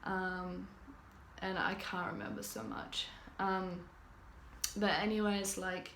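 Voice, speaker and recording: A woman's voice: lowish voice, lively intonation, slow, creaky, a bit bright, a little hiss or hum. A young woman from New Zealand, a vlogger telling a personal story in casual talk, full of fillers and restarts. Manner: rambling, many fillers and restarts. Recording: roomy echoey room.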